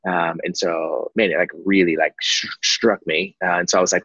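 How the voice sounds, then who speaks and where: A man's voice: low voice, little pitch movement, a little fast, creaky, hardly any pauses, bright, forceful tone, husky, no echo, lo-fi sound. A man, candidly telling his life story as a guest, rambling with lots of fillers. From Texas. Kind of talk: personal story in conversation.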